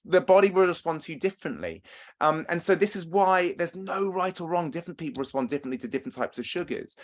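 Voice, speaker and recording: A man speaking as a running coach in a webinar, chatty and self-deprecating, often restarting and repeating words, heard over a video call. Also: on the high side. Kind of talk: webinar talk.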